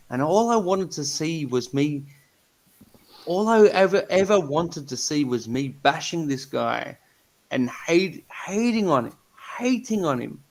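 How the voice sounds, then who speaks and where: A man on a video call telling a personal story in a blunt, sweary, earnest way with halting restarts. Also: on the high side, low-quality recording. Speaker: guest on a live stream. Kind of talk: casual chat, personal story.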